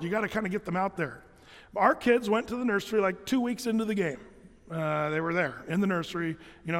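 High-voiced preacher in a reverberant hall. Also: male voice, fairly bright tone. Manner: conversational, halting with many fillers and restarts. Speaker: pastor. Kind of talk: sermon.

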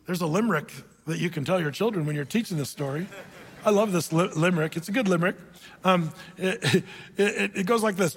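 A man preaching a sermon, retelling a Bible story with animated, joking storytelling. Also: a little high, fairly quick, slightly rough, big-room sound. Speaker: pastor.

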